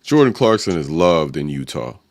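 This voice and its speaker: A man's voice: very deep voice, very animated, moderate pace, creaky. A man co-hosting a casual sports chat, laid-back, reading out game stats. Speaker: show co-host.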